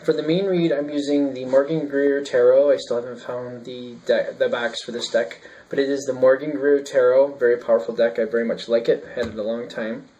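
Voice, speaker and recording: A man's voice: mid-range voice, steady tone, brisk, mellow, dull audio, a little hiss or hum. A man giving a casual tarot reading, thinking aloud and rambling with fillers and restarts. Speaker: tarot reader.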